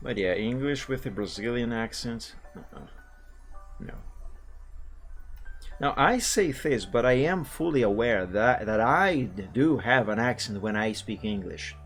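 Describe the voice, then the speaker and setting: Man, casual stream chat, mid-pitched voice, rambling, self-deprecating, faint music underneath. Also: animated, measured pace, a bit bright. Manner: chatty, self-mocking, loose restarts. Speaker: art streamer.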